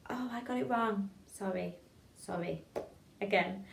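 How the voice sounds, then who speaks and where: Encouraging voice coach, woman, speaks phrases slow and crisp for students, echoey room. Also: medium pitch. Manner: encouraging, models phrases slowly and clearly. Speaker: voice and drama teacher. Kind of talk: online voice warm-up lesson.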